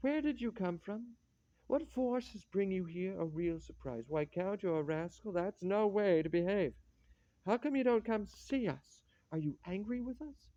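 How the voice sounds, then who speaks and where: A fussy, stingy hostess, as a man reads her part, coaxing and a little wounded. The voice sits high with a mellow, muted tone. The recording is dry and dull. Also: animated, unhurried, dry recording.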